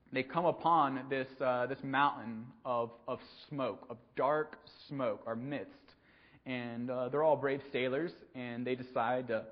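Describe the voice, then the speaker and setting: Guy preaching a laid-back sermon, lots of ums and restarts, middling pitch, kinda muffled lo-fi audio. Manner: halting, frequent ums and repeated words. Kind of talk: conversational sermon. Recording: dull lo-fi recording.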